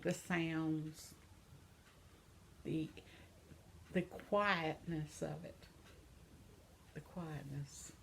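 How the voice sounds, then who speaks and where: An older woman vlogging from home in a casual, reminiscing monologue, speaking softly and sometimes dropping to a whisper. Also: sits low, fairly even intonation, very slow, vocal fry, long pauses, a little hiss or hum. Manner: reminiscing, soft-spoken, trails off into whispers; affectionate sign-off to viewers.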